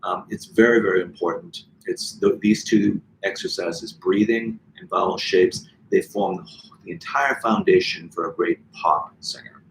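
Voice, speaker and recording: A man's voice: deep voice, fairly even intonation, moderate pace, a little hiss or hum, rough recording. A middle-aged man from the Boston area with a Boston accent, giving an online voice lesson and breaking into sung examples as he explains. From Boston area, United States. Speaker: voice teacher.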